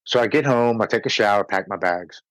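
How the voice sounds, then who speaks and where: A man telling his personal recovery story as a podcast guest, earnest and slowing down on heavy moments. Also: lowish voice, no room sound, low-quality recording.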